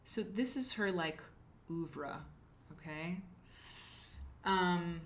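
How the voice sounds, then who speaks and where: A woman's voice: on the low side, drawn-out words, slight background noise. Chatty woman hosting a live stream. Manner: chatty, rambling, reads chat names aloud. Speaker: host of a live quilting show. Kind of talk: casual livestream chat.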